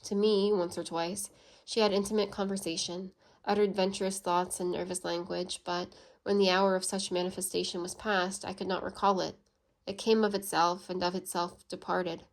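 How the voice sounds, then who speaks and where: A woman reading a classic novel aloud, steady and measured, with occasional small slips. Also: medium pitch. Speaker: audiobook reader.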